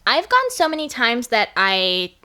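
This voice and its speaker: A woman's voice: on the high side, wildly swooping pitch, a little slow, sharp tone. A woman of twenty co-hosting a podcast, an upbeat, giggly voice in casual chat. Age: 20s. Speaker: podcast co-host.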